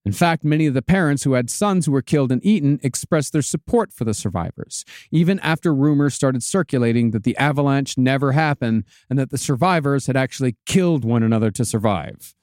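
A man's voice: mid-range voice, expressive, fairly quick, few pauses, a little mellow, no room sound, studio quality. A man hosting a podcast, telling a story in a laid-back way, swearing casually and laughing often.

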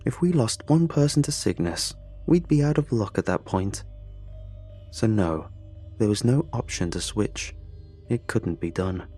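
A man's voice: on the low side, expressive, unhurried, mellow, husky, soft background music. A man narrating a first-person horror story in a tense, confessional way.

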